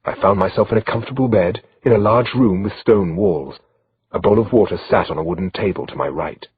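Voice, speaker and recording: A man narrating an audiobook in first person with a measured, steady delivery, in a slightly dull lo-fi recording. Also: deep voice, slightly rough, no room sound.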